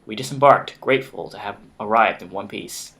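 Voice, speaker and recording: A man's voice: fairly low pitch, moderate pace, gravelly, a bit bright. A man playing a story game with a friend, reading the narration aloud in a casual way, stumbling over words and restarting. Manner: reads narration with slips and restarts, laughs often. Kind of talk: casual let's-play chat and reading aloud.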